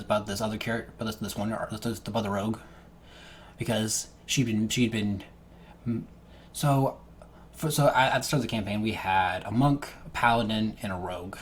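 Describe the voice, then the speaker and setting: A man's voice: on the low side, a little hiss or hum. A man talking casually as a game master, often restarting and repeating words mid-sentence. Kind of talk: casual talk to camera.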